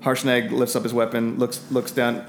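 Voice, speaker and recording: A man runs a tabletop game and narrates the scene in a halting way, stopping for fillers and restarting his sentences. His voice sits at a middle pitch. Faint noise hangs behind him. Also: monotone. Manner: hesitant, many fillers and restarts. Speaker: game master.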